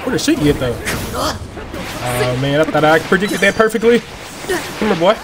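Excitable trash-talking man over game music. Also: high voice, a little slow. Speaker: gaming channel host. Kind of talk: live gameplay commentary. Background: loud game music.

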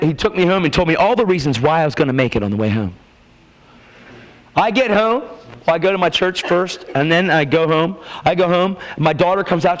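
A man delivers a revival sermon as a personal testimony. His voice rides high and leaps up and down, emphatic and animated as he acts out the people in his story. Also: poor audio. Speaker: preacher. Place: church revival meeting.

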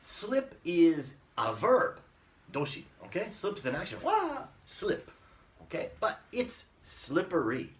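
A man's voice: on the high side, big pitch swings, takes it slowly, distant mic, slight background noise. A man teaching English to Japanese learners in an online lesson, acting out sounds playfully and mixing in Japanese words.

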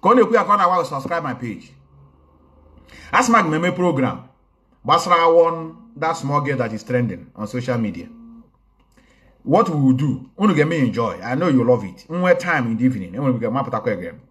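A man's voice: medium pitch, sing-song, brisk, a bit bright. A man commenting casually on a livestream, mixing languages and greeting viewers one by one. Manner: code-switching, greets viewers by name. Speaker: online activist commentator. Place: indoors, recorded in a home in a city.

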